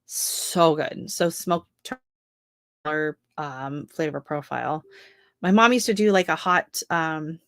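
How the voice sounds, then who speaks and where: A woman's voice: deep voice, slow, no echo, studio quality. A middle-aged woman hosting a home gardening live stream, chatting casually and rambling through asides. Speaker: gardening channel host.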